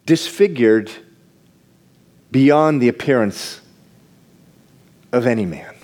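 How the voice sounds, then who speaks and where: Animated preacher man, lively pitch. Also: takes it slowly. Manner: animated preaching, jumps between hushed and loud. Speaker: pastor. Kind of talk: sermon.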